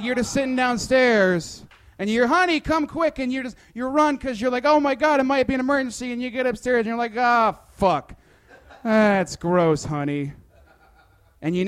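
A young man with a high voice, doing stand-up and then chatting. His talk is playful and jokey, full of fillers and restarts. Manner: playful, hesitant with many fillers. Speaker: stand-up comedian. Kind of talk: comedy bit then casual interview chat.

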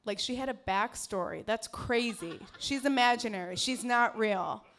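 Woman, stand-up set, fairly high voice, laughs through her jokes, club stage. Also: normal speed, fairly bright tone, a little hiss or hum. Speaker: stand-up comedian. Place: comedy club stage with live audience.

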